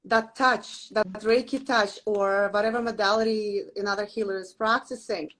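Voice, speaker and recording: A woman's voice: medium pitch, fairly even intonation, moderate pace, rough recording. A woman speaking as a Reiki teacher and guest in casual, earnest conversation from her home studio. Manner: warm, earnest, softly emphatic. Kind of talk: casual interview chat.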